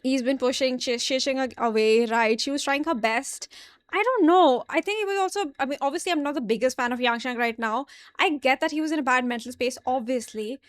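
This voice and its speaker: Young woman, anime reaction host, high voice, casual and exasperated, swears, dry close sound. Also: brisk, no room sound. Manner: exasperated, swears, talks straight to viewers.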